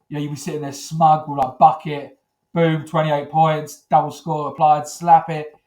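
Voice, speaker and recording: A man's voice: on the high side, a little mellow. A man doing a crude, rambling stand-up routine on a comedy club stage, talking into a handheld mic. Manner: crude, rambling, heavy on filler phrases. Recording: echoey club room.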